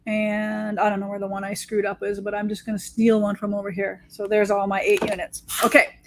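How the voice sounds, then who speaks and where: An American quilting teacher and shop owner chats enthusiastically while demonstrating her sewing, poking fun at herself. Her mid-range voice is fairly quick yet monotone, with slight background noise.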